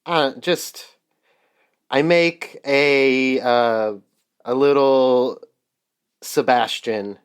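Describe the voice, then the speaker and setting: A man's voice: mid-range voice, drawn-out words, long pauses, clean tone. A man playing a tabletop game, speaking hesitantly with many fillers. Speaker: player.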